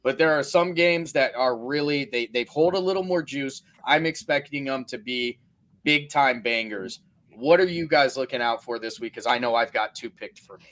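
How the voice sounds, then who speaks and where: A man hosting a casual high school sports talk show, enthusiastic and quick to laugh. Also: fairly bright tone.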